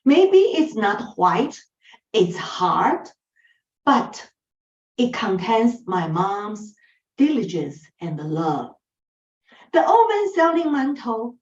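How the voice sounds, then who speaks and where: Woman from Taiwan; slow, lively storyteller, lifted voice, heard far off and muffled in a roomy space. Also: medium pitch. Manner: animated, acts out dialogue. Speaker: club speaker. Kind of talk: prepared storytelling speech.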